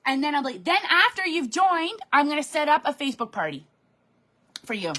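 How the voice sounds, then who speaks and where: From her home office desk, a direct sales team leader gives her team a bubbly, animated pep talk over a live stream, reading and replying to comments as she goes. Her voice sits high and she talks fairly quickly.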